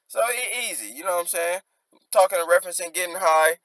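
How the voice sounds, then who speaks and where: Man breaking down rap bars, bright and dry. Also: high-pitched, fast talker, no room sound. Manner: rereads lines, then unpacks them with loose slang. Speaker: rap commentator. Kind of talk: casual breakdown of rap lyrics.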